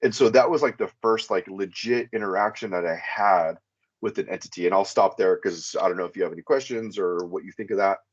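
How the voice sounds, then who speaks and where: A podcast caller with a low voice talks a little fast, telling a long personal story in casual first person. He rambles, leaning on lots of fillers, especially "you know." The recording has a dull lo-fi sound.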